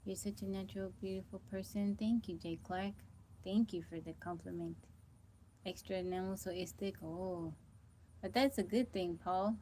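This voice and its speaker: A woman's voice: medium pitch, fairly even intonation, normal speed, warm tone, slight background noise. A middle-aged woman hosting a casual livestream, chatting to viewers by name while sounding tired and weak, on a phone mic at home. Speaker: livestream host.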